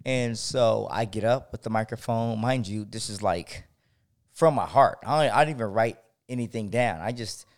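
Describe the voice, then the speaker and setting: A man co-hosting a podcast, telling a personal story in a lively, animated way with emphatic asides. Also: fairly low pitch, normal speed. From San Diego. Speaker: podcast co-host.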